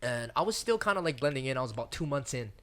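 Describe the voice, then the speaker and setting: A man's voice: medium pitch, fast talker. A young man with a Hawaiian accent, a podcast guest telling casual stories and acting out the other people in them. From Hawaii (Maui). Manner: animated, acts out quotes in shifting voices. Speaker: podcast guest, MMA fighter. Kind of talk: casual storytelling.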